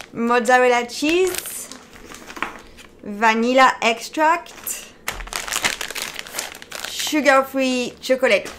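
French-accented woman vlogging her cooking, chatty and upbeat, kinda high voice. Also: fairly bright tone, a little hiss or hum. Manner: chatty, upbeat, with frequent ums and uhs. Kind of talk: casual cooking vlog.

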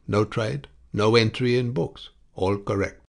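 A man voicing a calm, impassive male station clerk in an audiobook, speaking broken English slowly and evenly. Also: on the low side, gravelly, pitched above the performer's own voice. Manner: broken English, unhurried and even. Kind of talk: audiobook character voice.

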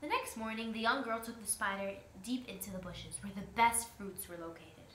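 A woman student retells a folk tale to her class, trips over words and restarts here and there. Her voice is bright and crisp. The room is echoey with faint hiss underneath. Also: mid-range voice, moderate pace. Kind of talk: storytelling to a class.

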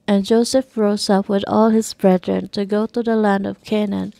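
A woman reading scripture aloud in a steady, measured way, with archaic wording. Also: mid-range voice, gravelly, no echo. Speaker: scripture reader.

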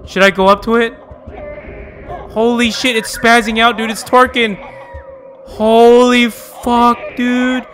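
A man's voice: extremely high pitch, steady tone, normal speed, long pauses, sharp tone, soft background music. A man streaming a horror game live, talking to his chat, swearing often and shrieking when startled. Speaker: gaming streamer. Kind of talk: live gameplay reaction.

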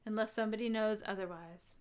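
A woman hosting a casual board game live stream, upbeat and quick to laugh as she cheers and greets viewers. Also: mid-range voice, steady tone, darkish tone.

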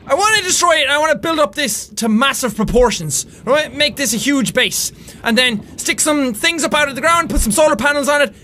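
A young Irish man in his twenties giving loud, excitable let's-play commentary, swearing often and yelling with excitement. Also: very high-pitched, a little fast, a little hiss or hum. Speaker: gaming YouTuber.

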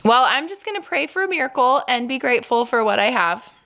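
A woman's voice: high-pitched, animated, fast, gravelly, sharp tone. A woman in her thirties talking candidly to camera in a personal vlog at home, chatty and full of "like". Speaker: vlogger.

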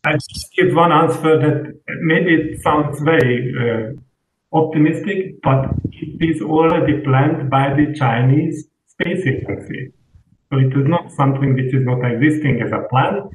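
A man speaking as a panelist in an online roundtable, halting and searching for words. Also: on the high side, slight background noise. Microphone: video call. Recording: tinny distant call audio in an echoey room.

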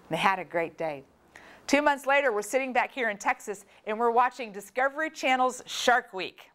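A woman from Florida giving a storytelling talk, animated and acting out the voices of people in her story. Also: a little high. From Florida, USA. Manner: animated, acts out quoted voices. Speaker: speaker.

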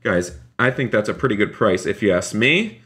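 A man live-streaming a role-play game, excitable, talking straight to his chat. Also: lowish voice, normal speed, slight background noise. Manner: excitable, keeps addressing the chat as "you guys".

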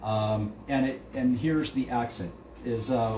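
A man's voice: mid-range voice, steady tone, takes it slowly, over loud music. A middle-aged man giving a casual drum lesson, talking loosely with many fillers and counting beats aloud. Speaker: drum instructor. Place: drum studio. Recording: echoey room, distant mic, noisy.

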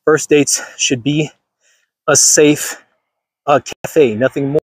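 A man's voice: a little high, fairly even intonation, slow pace, slightly rough, dry recording. A man hosting a livestream, ranting emphatically to his viewers and repeating himself for effect. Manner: emphatic, repetitive, addresses viewers directly. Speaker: channel host.

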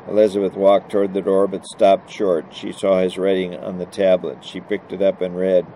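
Low, mellow man reading a novel. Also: flat delivery, a little fast, hardly any pauses, slight background noise, rough recording. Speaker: audiobook narrator.

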